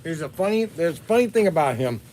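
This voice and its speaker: A man's voice: fairly high pitch, animated, quick pace, a little mellow, slight background noise. A man running a hobby shop, telling long rambling stories and getting defensive when teased, in a store. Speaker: hobby shop owner and show host. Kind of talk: casual storytelling and shop banter.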